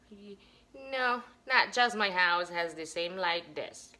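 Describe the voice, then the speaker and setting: A woman's voice: on the low side, slow pace, pushed and bright, a little hiss or hum. A mother with a Filipino accent chatting playfully in a home vlog, repeating words in chains in broken English. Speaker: mother vlogger. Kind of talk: casual home vlog chat. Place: family home.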